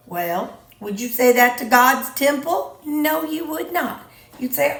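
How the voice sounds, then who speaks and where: A woman's voice: high voice, lively intonation, takes it slowly, a bit bright. A middle-aged woman chatting casually to camera in her home kitchen, folksy and teasing. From Missouri. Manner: chatty, folksy, teasing, sings snatches to herself. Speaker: vlogger. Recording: roomy echoey kitchen.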